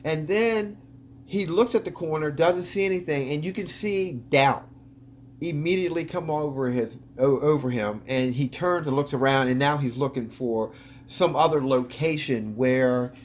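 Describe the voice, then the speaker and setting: A man's voice: a little high, normal speed, a little hiss or hum. Chatty man narrating over footage. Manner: chatty, enthusiastic, many ums. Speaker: video host analyzing footage. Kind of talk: casual commentary over footage.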